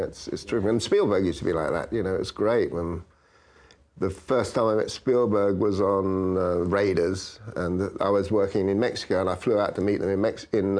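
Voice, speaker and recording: An older man, a veteran stunt coordinator, telling lively anecdotes in an interview and acting out quoted dialogue. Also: deep voice.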